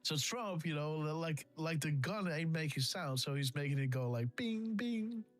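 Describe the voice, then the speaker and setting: A man's voice: on the high side, moderate pace, faint music behind. Laughing man hosting a casual livestream. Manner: laughing, repeats himself, imitates sound effects. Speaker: livestream host.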